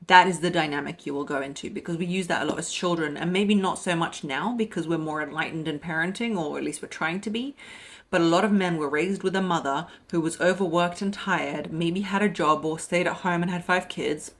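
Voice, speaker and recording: A young adult woman, heavily pregnant, giving relationship coaching in a lively monologue and acting out the lines she quotes. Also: a little fast. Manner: animated, acts out quoted voices with pitch jumps.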